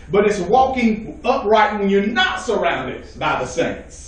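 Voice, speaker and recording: A man preaches at a men's Bible study, emphatic and calling out to his listeners. His voice sits high. He is heard from a distance in a strongly echoing room. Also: big pitch swings, measured pace, hardly any pauses. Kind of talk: sermon. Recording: very echoey room, mic far off.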